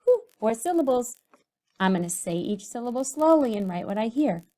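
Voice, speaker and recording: A woman teacher giving a recorded writing lesson to young children, speaking slowly and sounding out syllables and letters. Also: on the high side, big pitch swings, dark tone. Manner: slow, sing-song, sounds out syllables and letters.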